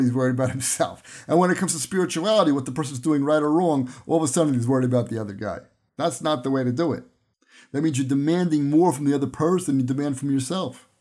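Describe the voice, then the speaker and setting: A man with a husky, somewhat breathy voice that sits a little high for a man. He teaches a Torah lesson on his podcast in a storytelling way, stepping briefly into the voices of the people he quotes. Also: warm tone. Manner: retells stories, briefly acting out the people he quotes.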